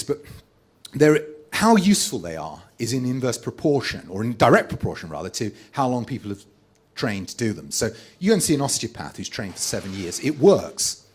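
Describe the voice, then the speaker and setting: A man at a live comedy event reads out his complaints one after another in a dry, sardonic tone. His voice sits at an ordinary middle pitch, and he delivers the barbs flatly, as if ticking items off a list. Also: husky. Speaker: author reading from his book. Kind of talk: live stand-up reading of a list.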